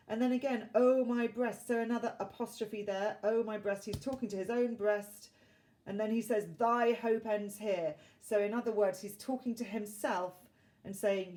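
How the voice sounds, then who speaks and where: A woman teacher explaining a play line by line, in a plain, measured and slightly dry delivery with occasional fillers. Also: mid-range voice, warm tone. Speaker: English literature teacher.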